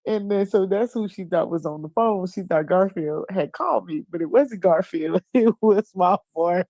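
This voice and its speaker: A woman with a lowish voice chats casually at normal speed, animatedly telling a funny story full of laughter and put-on voices. There's no echo on the recording.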